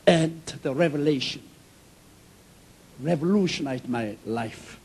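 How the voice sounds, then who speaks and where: A man's voice: high-pitched, lively intonation, a little slow, pauses often, a little mellow, breathy edge, poor audio. A man preaching a sermon, telling stories emphatically in simple, non-native English phrasing. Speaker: pastor.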